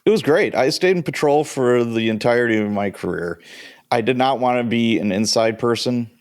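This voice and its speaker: A man in his fifties, a retired police sergeant, telling stories as a guest in a casual interview, animated and quick to chuckle. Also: medium pitch, no echo, clean studio sound. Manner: lively anecdotal storyteller who chuckles often.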